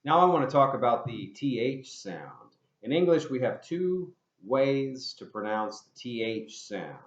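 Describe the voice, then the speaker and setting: A man teaching English pronunciation, spelling words out letter by letter and repeating sounds slowly for learners to copy. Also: mid-range voice, very animated. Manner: slow, deliberate modeling of sounds, spelling words out and repeating drill phrases. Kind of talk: pronunciation lesson. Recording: roomy, slightly dull recording.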